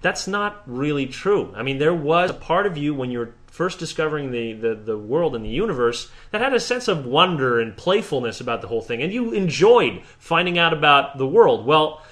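A man's voice: fairly high pitch, very animated, normal speed, few pauses, a bit bright. A man co-hosting a podcast in casual chat, rambling and profane, restarting sentences often. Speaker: podcast co-host.

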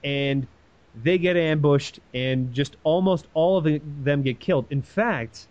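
A man's voice: fairly high pitch, unhurried, darkish tone, no room sound, lo-fi sound. A man casually retelling a story in an irreverent, profane way, acting out the quoted voices. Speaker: podcast host retelling a story.

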